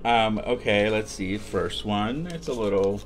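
A young man hosting a casual unboxing vlog, talking in an excitable, gushing way with lots of ums and restarts. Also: fairly low pitch, a little slow. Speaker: vlogger.

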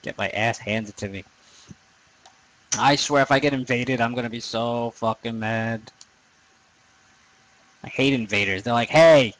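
A man's voice: mid-range voice, steady tone, measured pace, pauses often, a bit bright, dry recording, low-quality recording. A young man giving casual let's play commentary over a game, rambling, swearing often and poking fun at himself. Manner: profane, rambling, self-deprecating. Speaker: gaming commentator.

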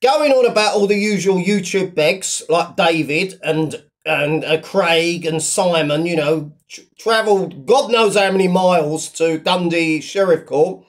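A man's voice: sits high, unhurried. A man giving mocking online commentary about rivals, rambling with lots of fillers and a sneering tone.

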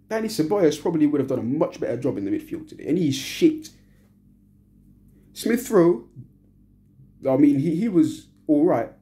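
A woman's voice: low voice, warm tone. A young woman giving a furious, profane post-match reaction as a football fan, repeating short phrases over and over. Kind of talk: angry post-match rant.

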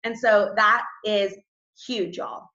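A woman's voice: medium pitch, slow, bright, forceful tone. A young woman coaching her team on a group call, peppy and chatty, full of "like" and "y'all.". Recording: echoey room, dull lo-fi sound.

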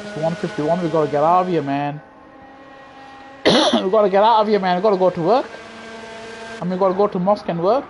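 Excitable male sim-racing streamer. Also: high voice, fairly quick, long pauses, a little hiss or hum. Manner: excitable, loud frustrated outbursts, chats to viewers. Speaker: live gaming streamer. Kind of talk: live sim-racing commentary. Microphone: gaming headset.

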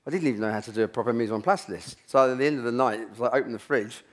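This middle-aged man's medium-pitched voice races along as he gives a talk at a symposium. A chef by trade, he rambles through an anecdote from his kitchen career, frequently starting sentences over.

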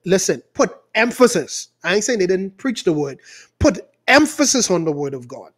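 A man from the Bahamas with a Bahamian accent, a pastor preaching angrily and emphatically, swinging between loud outbursts and quieter asides. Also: sits high, big pitch swings, moderate pace. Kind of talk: impassioned preaching.

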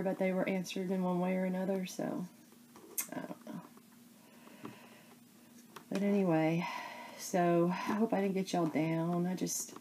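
A woman talks casually to her viewers, her voice low and dark-toned. She rambles and stops halfway through her thoughts, using lots of fillers. A faint hiss sits under the recording. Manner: rambling, halting, many fillers. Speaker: crafting vlogger. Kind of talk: casual chat to camera.

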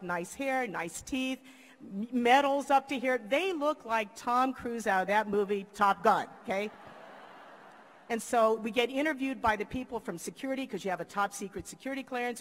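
Older woman telling a story in a reverberant hall. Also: a little high. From Philippines. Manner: lively, acts out quoted voices. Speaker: commencement speaker. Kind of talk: storytelling speech.

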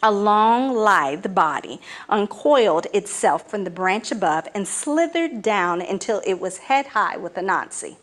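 A woman reading a folk tale aloud, with expressive, dramatic storytelling. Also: medium pitch, unhurried, hardly any pauses.

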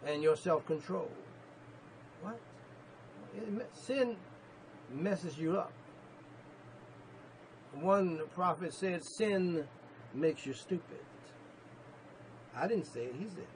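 Gravelly-voiced man preaching with loud peaks. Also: high voice, animated, slow pace, pauses often, a little hiss or hum, rough recording. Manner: emphatic preaching with repetitions and sudden loud peaks. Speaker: pastor. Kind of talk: sermon.

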